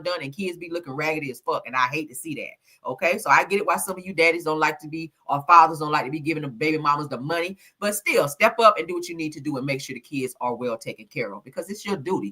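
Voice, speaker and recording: A woman's voice: low voice, pushed and bright. A woman hosting a casual gossip livestream, sassy and full of laughter, calling her viewers honey and child.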